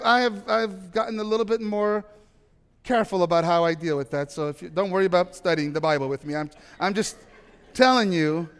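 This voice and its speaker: A man preaching a sermon, telling stories animatedly, with loud bursts of emphasis and quiet asides. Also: extremely high pitch. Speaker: pastor. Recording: long hall reverb.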